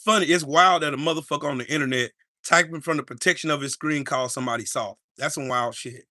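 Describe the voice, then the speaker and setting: A man's voice: a little high, fast, bright, forceful tone, no echo, studio quality. A man hosting a live-streamed podcast, ranting in an angry, profane and confrontational way. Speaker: podcast host.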